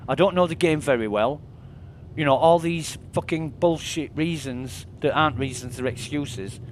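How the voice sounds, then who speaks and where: This livestreamer's voice sits a little high and moves at normal speed over a faint hiss or hum. Streaming a game, he rants casually and with exasperation, swearing as he retells an argument.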